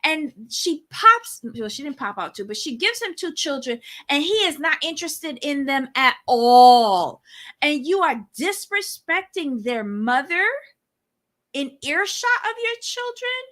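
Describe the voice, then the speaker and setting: A woman's voice: high voice, lively intonation, a little slow, a bit bright. A woman co-hosting a reality TV recap show, talking in a sassy, blunt way and exclaiming at the cast. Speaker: podcast co-host.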